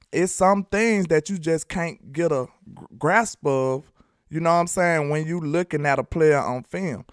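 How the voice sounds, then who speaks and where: A man from Alabama with a Southern accent giving animated, slangy football commentary, talking straight to his viewers. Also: fairly high pitch, clear, resonant tone, no echo, clean studio sound. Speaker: sports commentary host. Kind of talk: casual sports commentary vlog.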